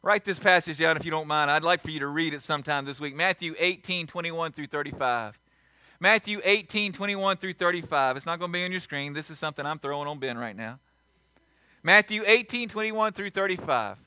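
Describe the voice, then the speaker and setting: A male pastor delivers a sermon in a high, bright and forceful voice. He repeats his points for emphasis and climbs from hushed asides to shouted peaks. The sound is close and dry. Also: brisk, clean tone, dry recording. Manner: emphatic, repeats lines for stress, swings from quiet to shouting.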